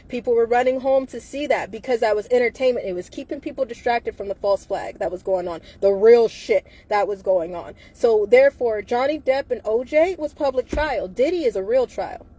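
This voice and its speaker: A woman holds forth in a live video monologue. Her voice sits a little high but sounds mellow and warm. She talks fervently and keeps circling back to rhetorical questions. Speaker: livestreamer.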